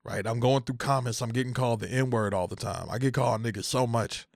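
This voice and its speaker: A young man in an emotional, profane rant about unpaid creative work, repeating phrases and climbing toward shouting. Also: medium pitch, fairly quick, creaky, no room sound, clean studio sound. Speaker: content creator.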